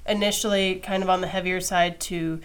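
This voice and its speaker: A woman's voice: lowish voice, fairly even intonation, a little hiss or hum. A young woman co-hosting a podcast in casual chat, agreeing often and adding her own takes. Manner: agreeable, quick backchannel replies. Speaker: podcast co-host.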